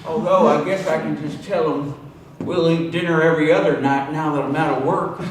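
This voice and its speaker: A man's voice: very high voice, animated, a little slow, pushed and bright, slight background noise, pitched above the performer's own voice, heavily acted. A man voicing a folksy, aggrieved male coal miner near sixty, with a put-on Southern drawl and a raised voice. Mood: sorrowful. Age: 50s. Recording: echoey room, distant mic.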